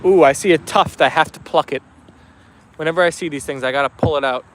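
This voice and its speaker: A man with a slightly high voice and a quick pace hosts a casual live stream outdoors with his dogs. He chats easily, reading viewer comments aloud and responding to them, with slight background noise.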